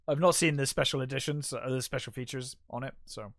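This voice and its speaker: A man's voice: medium pitch, steady tone, a little fast, creaky, a bit bright, no room sound. A man co-hosting a podcast, casually retelling film scenes in a chatty way with lots of fillers and laughs. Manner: retells scenes in quoted voices, laughs often, many fillers. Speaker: podcast co-host. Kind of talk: casual film review chat.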